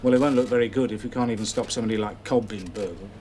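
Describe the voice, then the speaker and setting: An actor playing a brisk, demanding male police chief who gives curt, sarcastic orders in a 1990 TV police drama. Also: on the low side, steady tone, dark tone, a little hiss or hum, natural voice. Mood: impatient. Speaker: senior police officer.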